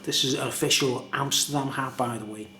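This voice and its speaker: A man's voice: mid-range voice, fairly even intonation, fairly quick, sharp tone, roomy sound, a little hiss or hum. A British man chatting in a rambling, casual way for his vlog, often asking "you know what I mean?". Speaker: YouTuber reviewing beer.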